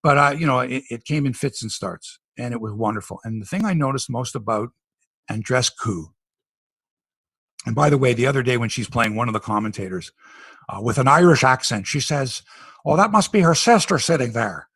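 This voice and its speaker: Husky-voiced Canadian man chatting sports. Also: mid-range voice, fairly quick, no echo. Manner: animated storytelling, tangents. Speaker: podcast host. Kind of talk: casual sports chat.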